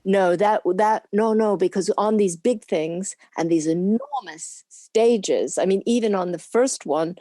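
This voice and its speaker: A woman's voice: mid-range voice, unhurried, hardly any pauses, dark tone, no room sound, clean studio sound. An older woman, a camera assistant being interviewed, talking casually and rambling on with frequent laughs. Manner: chatty, rambling, laughs often.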